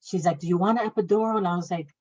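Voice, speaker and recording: A woman with a somewhat low voice shares a personal testimony of faith. She tells it with feeling and brings the people in her story to life as she quotes them. The sound is muffled and lo-fi. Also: racing, darkish tone. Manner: emotional storytelling, acts out quoted speech; faith-filled, speaks of God. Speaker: guest sharing a personal testimony. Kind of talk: casual spoken testimony. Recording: dull lo-fi audio.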